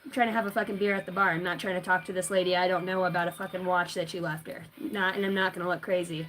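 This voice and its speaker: A woman who works as a tarot reader and medium, rambling through a casual livestream chat with lively storytelling and frequent swearing. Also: on the low side, fast talker, faint music behind, rough recording.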